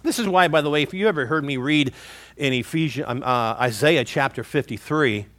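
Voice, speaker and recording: A man's voice: a little high, a little fast, fairly bright tone, dry recording. A man preaching a sermon as a pastor, stressing key words and calling his listeners folks.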